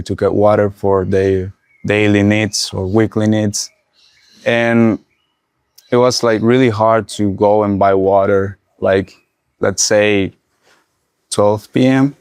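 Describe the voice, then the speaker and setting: Young Nicaraguan man, low flat voice. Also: clear, resonant tone, no echo, clean studio sound. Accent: Nicaraguan Spanish. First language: Spanish. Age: young adult. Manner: halting, restarts often while recalling. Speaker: interviewee. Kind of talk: casual interview.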